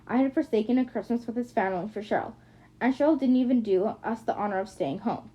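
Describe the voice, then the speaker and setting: A woman narrates a novel in the first person in a somewhat high voice. She reads plainly and often stumbles and restarts lines. The recording sounds dull and lo-fi. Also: fast. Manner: plain reading with frequent restarts. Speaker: audiobook reader. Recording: muffled lo-fi recording.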